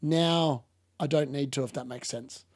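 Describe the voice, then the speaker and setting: A man hosting a live football watchalong, chatting casually and reacting excitedly to the game. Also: medium pitch, a little slow. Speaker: watchalong host.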